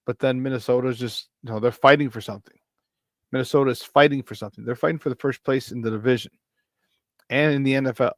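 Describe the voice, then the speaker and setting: Doing burpees mid-show, an excitable sports talk host reads stat lines in rapid lists and repeats phrases to drive points home. He speaks at a medium pitch in a dry recording.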